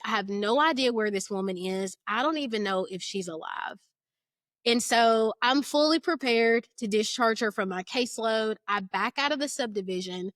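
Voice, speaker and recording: A woman's voice: on the high side, a bit bright, dry recording, studio quality. A young woman in her twenties earnestly retelling a frightening personal experience, casual and emotional, with frequent filler words. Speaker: storyteller. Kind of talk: personal storytelling.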